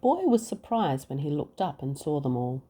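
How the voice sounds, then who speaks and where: A woman reads a bedtime story aloud to her children, slow and expressive. Her voice is low and mellow with a lively, swooping melody and a husky edge. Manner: expressive, acts out sound effects. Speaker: mother reading to her children.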